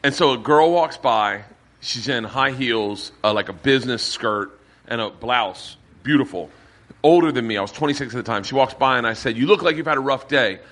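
A man hosting a live podcast, telling swearing, animated stories and acting out the voices of the people in them. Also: medium pitch, normal speed. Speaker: comedian podcast host. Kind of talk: storytelling to a live audience. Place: bar with live audience.

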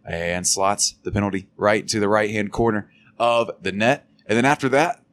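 A podcast co-host with a lowish voice, normal speed and fairly bright tone casually recaps a soccer match in a chatty way, swearing offhandedly and laughing along.

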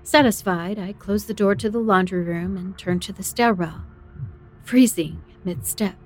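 A woman's voice: mid-range voice, a little slow, a little mellow, faint music behind. A woman narrating a first-person horror story in a dramatic, tense storytelling manner.

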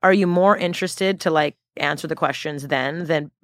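A woman voicing an eager young woman student in her twenties, who asks a favor in a bright, chirpy way. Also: low-pitched, moderate pace, no echo, clean studio sound, lightly acted.

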